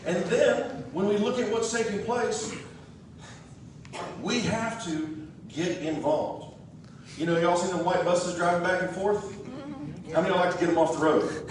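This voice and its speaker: A man's voice: high voice, a little hiss or hum. A man giving a folksy, joking, rousing campaign speech to a crowd in a church hall. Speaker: political candidate. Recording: echoey hall, distant mic.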